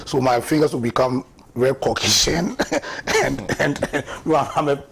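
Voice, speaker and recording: A man's voice: mid-range voice, steady tone, fairly quick, creaky, slight background noise. A man with a Ghanaian accent giving impassioned, mocking political commentary on a talk show, often repeating words for emphasis. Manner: impassioned, mocking, repeats words and laughs at his own jabs.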